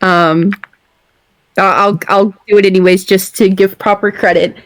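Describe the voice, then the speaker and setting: A woman's voice: medium pitch, level tone, unhurried, no echo. A woman hosting a casual book discussion, reading out comments and laughing often. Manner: giggly, reads out listener comments. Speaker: host of a book discussion group.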